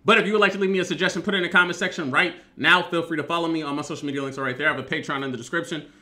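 A man's voice: a little high, fairly even intonation, racing. A man hosting a reaction video, chatting casually and talking back at the clip he is watching. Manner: chatty, talks back at the video, laughs loudly.

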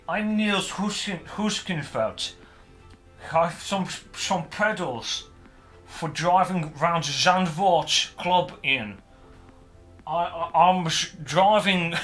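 A man putting on a clumsy, exaggerated Dutch accent for a slow, halting impression of a male pedal maker. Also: sits high, fairly bright tone, soft background music, full character voice. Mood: mock-earnest. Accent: attempted Dutch accent. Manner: slow, halting, drawn-out words.

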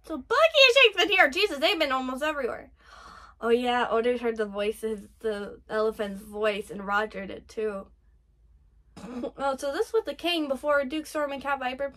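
A young woman with a high, sharp voice reacts excitedly to an anime episode at a moderate pace. She gushes and exclaims frequently, squealing whenever she's moved.

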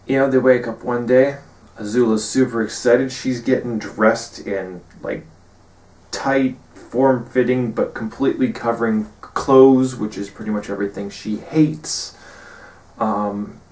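Male game master, unhurried and rambling, full of ums; distant mic, roomy echo. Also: mid-range voice, fairly even intonation, darkish tone. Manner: rambling, many ums, quotes players in brief character bits. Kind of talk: session recap of a tabletop game. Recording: echoey room, far from mic.

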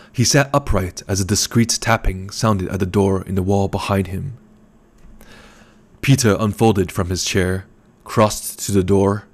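Low-voiced guy reading an audiobook, really slow and calm. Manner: measured, calm storytelling. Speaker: audiobook narrator. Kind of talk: scripted narration.

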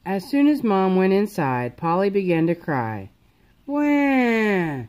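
A woman reading a children's picture book aloud, slow and expressive. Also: on the low side. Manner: lively, slow and expressive, doing character voices. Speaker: storybook reader. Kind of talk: children's storybook read-aloud.

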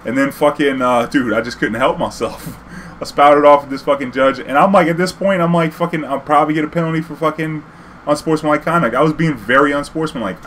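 A man telling a story casually, profane and animated, acting out a heated argument. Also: fairly high pitch, a little fast, a little hiss or hum.

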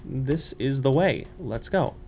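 A man's voice: mid-range voice, expressive, slow pace, darkish tone, husky. Jumpy young man narrating a horror game. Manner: jumpy, nervous and chatty, muttering to himself with squeals and laughs. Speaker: let's play streamer. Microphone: studio microphone.

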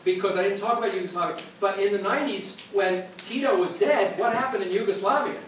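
A man teaching history, lecturing and answering student questions with lively storytelling and frequent restarts. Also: sits high, fast. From United States. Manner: animated storyteller, repeats words when starting sentences. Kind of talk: classroom lecture and Q&A. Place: classroom. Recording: echoey classroom recorded from far off with noise.

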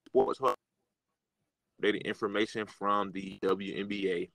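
A man co-hosting a sports podcast, rambling and excitable, full of fillers and restarts. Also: on the low side, a little slow, gravelly, no echo, low-quality recording. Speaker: podcast co-host. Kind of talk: casual sports chat.

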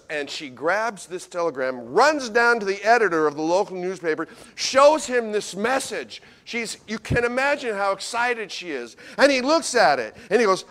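Animated folksy pastor, a man preaching. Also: sits high, moderate pace, few pauses. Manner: animated storyteller, swings from loud to hushed; folksy, addresses congregation directly. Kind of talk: Christmas sermon.

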